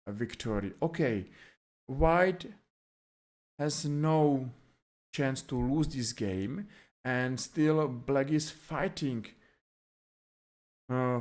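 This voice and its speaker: A man's voice: mid-range voice, darkish tone. A man analyzing a chess game move by move, calling out each move with frequent fillers and simple, non-native phrasing. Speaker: chess commentator.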